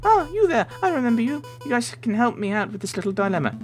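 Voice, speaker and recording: A man doing a shrill excitable young woman. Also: fast, faint music behind. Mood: insistent. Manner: shrill, insistent. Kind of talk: voicing game characters in a let's play.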